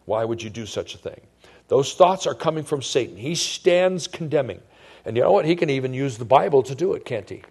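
A male pastor preaching a sermon in an animated way, acting out quiet, whispered voices of the devil and of doubting believers. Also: medium pitch, breathy edge.

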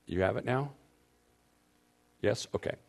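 A man's voice: lowish voice, unhurried, creaky. A man leading a marriage seminar for couples, speaking emphatically and addressing the audience directly on a handheld microphone. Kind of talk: teaching talk to couples.

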